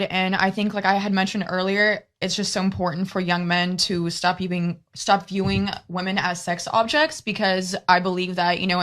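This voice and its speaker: A woman's voice: on the low side, fairly bright tone. A woman interviewing a guest, speaking earnestly and passionately in long run-on sentences.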